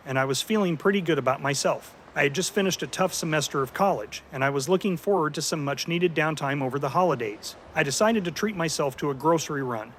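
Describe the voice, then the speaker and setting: Man narrating in an even scripted voice. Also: a little high, slight background noise. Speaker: story narrator.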